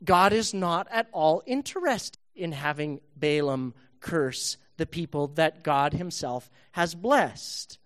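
A man, a pastor, telling a Bible story to children in a church service, playful and animated. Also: on the high side, takes it slowly, hardly any pauses.

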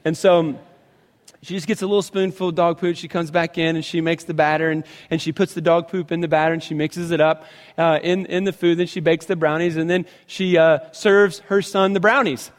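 A man's voice: fairly high pitch, steady tone, brisk, big-room sound. A man, a pastor, giving an earnest sermon, telling everyday stories and acting out the voices in them. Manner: earnest storytelling, acts out quoted voices. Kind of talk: sermon to a men's gathering.

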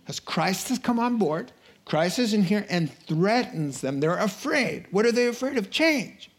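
A man preaching a sermon, animated, acting out crowd voices and rising to excited outbursts. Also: high-pitched, unhurried.

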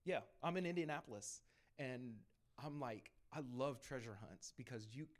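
A man on a panel sharing his evangelism experiences as a lively storytelling testimony, laughing between anecdotes and acting out bits of dialogue. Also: medium pitch. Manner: acts out dialogue in quick asides.

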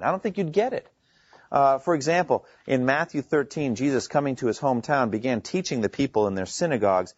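A man preaching a sermon in a conversational, animated way, acting out scripture quotes with his voice rising high. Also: no echo, highs cut off.

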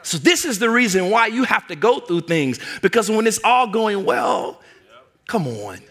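A man's voice: sits high, very animated, unhurried, a bit bright, breathy edge. A man preaching a sermon in an emphatic, conversational storytelling manner.

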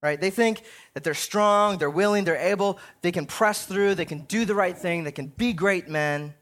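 A man's voice: high voice, moderate pace, fairly bright tone. A younger man preaching a sermon in a conversational way, often checking in with "right?". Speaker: pastor.

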